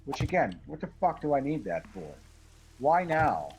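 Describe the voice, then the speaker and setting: A man's voice: fairly high pitch, very animated, normal speed, very noisy. A man chatting with friends on a game stream, joking and ranting with lots of swearing. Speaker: gamer on a group stream. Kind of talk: casual chat.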